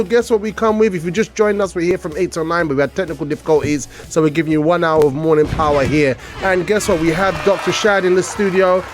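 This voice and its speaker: Chatty upbeat male radio host. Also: high-pitched. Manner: upbeat, chatty, joking with co-hosts. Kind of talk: casual morning show chat.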